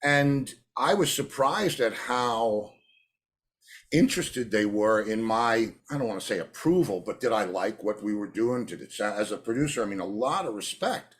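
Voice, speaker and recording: This interviewee, a male drummer and producer, speaks at normal speed in a voice on the low side. He's an animated storyteller, acting out quoted voices as he tells his anecdotes.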